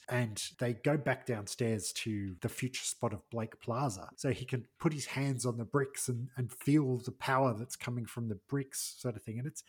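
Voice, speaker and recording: A man co-hosting a casual podcast, summing up a TV episode's plot in a relaxed way with offhand asides. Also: mid-range voice, husky. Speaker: podcast co-host. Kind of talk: casual chat reviewing a TV episode.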